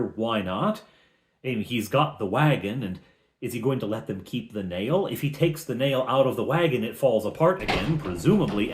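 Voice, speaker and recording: A man's voice: mid-range voice, darkish tone, reverberant. A man, a game master, recapping a tabletop campaign in a chatty, casual storytelling way with conversational asides.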